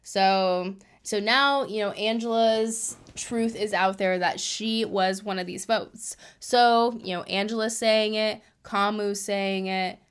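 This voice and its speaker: A woman hosting a casual recap of a reality show, retelling events in a chatty, animated way with lots of fillers. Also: medium pitch, takes it slowly, few pauses, clear, resonant tone.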